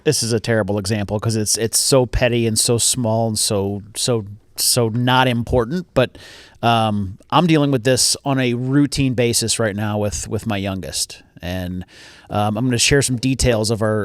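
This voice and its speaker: A man's voice: lowish voice, clear, resonant tone, dry recording. A middle-aged man co-hosting a podcast, telling a family story in a candid, self-deprecating way and swearing freely. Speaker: podcast co-host. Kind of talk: casual storytelling chat.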